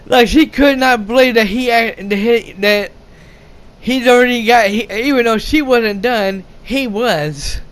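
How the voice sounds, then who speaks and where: A man's voice: very high-pitched, a little slow. A young man rambling through a casual movie rant, swearing often, stumbling over his words and restarting. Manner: swears a lot, stumbles and restarts, laughs, shouts quoted lines. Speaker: movie reviewer.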